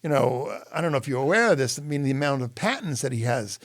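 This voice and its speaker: A man's voice: mid-range voice, fast talker, no echo. A middle-aged man, a guest on an interview show, telling stories in a conversational way and acting out the quoted dialogue. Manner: animated, acts out quoted dialogue. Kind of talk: conversational storytelling.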